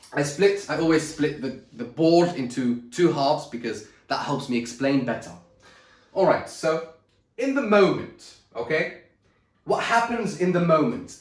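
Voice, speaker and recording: Emphatic male speaking coach, echoey room. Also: on the high side. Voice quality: says he is a bit dyslexic and trips over words. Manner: emphatic, checks in with "okay?" and "all right?". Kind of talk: talking-head video lesson at a whiteboard.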